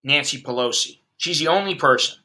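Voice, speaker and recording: American guy in his 50s going off on a profane rant, bright edgy voice, kinda high. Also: brisk. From United States. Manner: profane, blunt, heated ranting. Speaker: expat vlogger. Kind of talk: ranting livestream chat with viewers.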